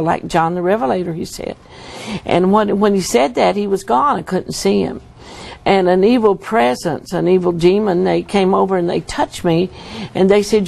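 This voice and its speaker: A woman recounts her testimony in earnest, vivid detail. Her voice is heavily gravelly, full of fry, at a middling pitch. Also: moderate pace, darkish tone. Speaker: guest. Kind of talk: testimony interview.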